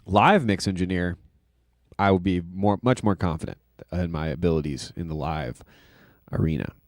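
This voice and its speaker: A man's voice: sits low, moderate pace, no echo, clean studio sound. A man hosting a casual livestream, rambling loosely with lots of fillers and self-deprecating asides. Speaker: livestream host and music producer.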